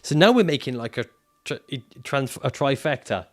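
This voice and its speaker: A man's voice: mid-range voice, lively intonation, moderate pace, a little hiss or hum. A man livestreaming casually, reading out viewer comments and answering them in a jokey, profane way and laughing often.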